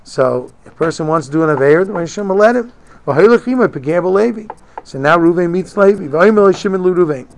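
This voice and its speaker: A Torah teacher with a fairly high, gravelly voice leads a Talmudic-style lesson on a religious text. He reads Hebrew phrases and explains each one in casual English.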